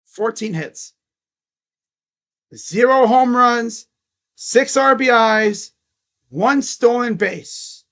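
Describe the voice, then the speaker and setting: Brief: fed-up male sports vlogger, high pitch, slow deliberate delivery, mocking and profane. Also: sharp tone. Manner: exasperated, mocking, swears. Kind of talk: casual sports rant.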